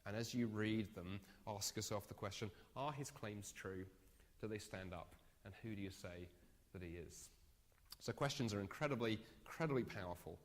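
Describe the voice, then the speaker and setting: A man giving an evangelism training talk, telling a story with lively, self-mocking humor. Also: on the low side. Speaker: speaker. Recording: echoey hall sound.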